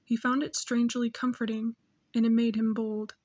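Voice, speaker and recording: A woman reading a novel aloud in steady, measured scripted narration. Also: on the high side. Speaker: audiobook narrator.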